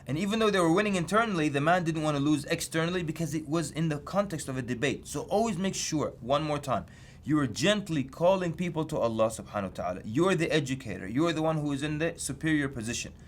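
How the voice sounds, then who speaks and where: Lively man telling teaching stories. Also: fast, a little hiss or hum. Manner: lively storytelling, pitch jumps for emphasis. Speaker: Islamic preacher teaching street outreach. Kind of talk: story-led lecture.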